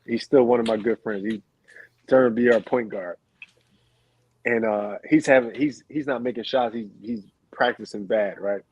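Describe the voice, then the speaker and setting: A man's voice: fairly low pitch, moderate pace, slightly rough, muffled recording. A man, a former basketball player, telling stories as a podcast guest and laughing often as he talks. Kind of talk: casual storytelling.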